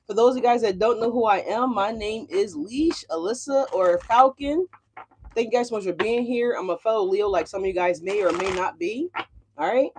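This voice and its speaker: A woman's voice: medium pitch, a little mellow, a little hiss or hum. A woman doing a casual tarot reading for her channel, chatty and a little profane, calling her viewers y'all. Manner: loose and profane. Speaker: tarot reader. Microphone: desk mic.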